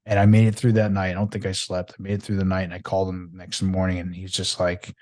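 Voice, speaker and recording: A middle-aged man, a podcast guest telling his story in a rambling, animated way, with many fillers and restarts. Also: sits low, fast, no room sound. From Long Island, New York. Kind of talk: candid storytelling interview.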